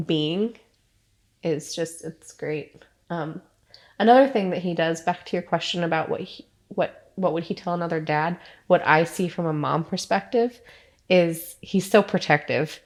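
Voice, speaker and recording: Proud mother speaking heartfelt. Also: lowish voice. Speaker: mother of guests. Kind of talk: interview answer.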